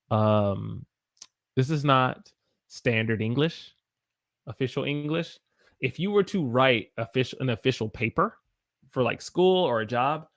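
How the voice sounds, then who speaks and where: A man's voice: mid-range voice, a bit bright, no room sound, studio quality. An American man teaching English on a live stream, patiently repeating phrases and reading out viewers' questions. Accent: General American. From United States. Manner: patient, repeats phrases slowly for learners to copy. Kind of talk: live-stream English lesson answering chat.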